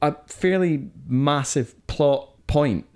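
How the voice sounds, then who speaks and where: This film podcast co-host speaks slowly, his fairly high voice smooth with a darkish tone. He chats casually and with strong opinions while reviewing films, frequently starting his sentences over.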